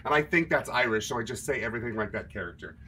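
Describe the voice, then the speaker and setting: A man's voice: medium pitch, lively intonation, racing, pushed and bright, slightly rough. A man hosting a livestream, chatting casually with viewers between show tunes and joking about himself. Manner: self-mocking, joking, chatty asides to viewers. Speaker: livestream singer and host.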